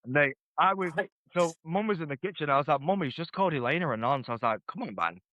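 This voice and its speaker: A man's voice: fairly high pitch, quick pace, dry recording, lo-fi sound. A man co-hosting a podcast, telling a sweary, rambling family story with laughs. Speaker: podcast co-host. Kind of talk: casual storytelling.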